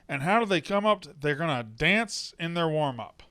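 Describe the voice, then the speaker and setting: A man co-hosting a movie podcast with a smooth, resonant voice that sits a touch high. He talks in an animated, casual way. The studio sound is dry and close. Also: a little fast, no echo. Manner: animated, acts out film lines in loud mimicry. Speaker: podcast co-host. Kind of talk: casual film review chat.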